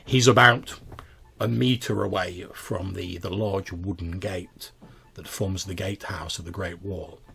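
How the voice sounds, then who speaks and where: A man narrating as game master of a tabletop game, halting and full of fillers. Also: low voice, steady tone, vocal fry, a bit bright.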